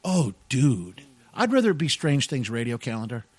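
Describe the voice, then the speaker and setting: A man co-hosting a casual radio talk show, excitable and jokey, laughing often and peppering his talk with "dude" and "man". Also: mid-range voice, normal speed, slightly rough, dry recording. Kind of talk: casual podcast banter.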